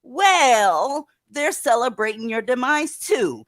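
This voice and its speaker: A woman's voice: fairly high pitch, lively intonation, moderate pace, fairly bright tone, no room sound, studio quality. A woman hosting a livestream, giving blunt, profane, sarcastic commentary in a scolding tone. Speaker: livestream host.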